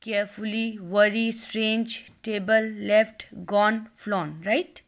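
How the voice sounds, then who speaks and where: A woman teacher with an Indian English accent, recorded at home, gives a reading lesson to young pupils. She reads slowly and explains each line in simple words. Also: medium pitch, fairly even intonation.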